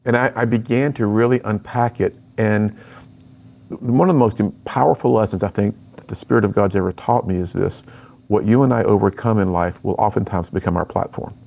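A man's voice: lowish voice, fairly quick, vocal fry, a little mellow. A middle-aged man, a speaker and author, telling his personal story earnestly in an interview.

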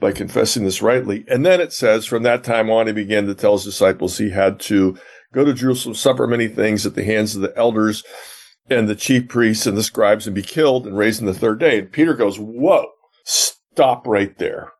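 A man's voice: on the low side, brisk. A man who is a professor of biblical theology, answering interview questions and explaining a gospel passage like a teacher. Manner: earnest teacher, retells scenes with quoted dialogue.

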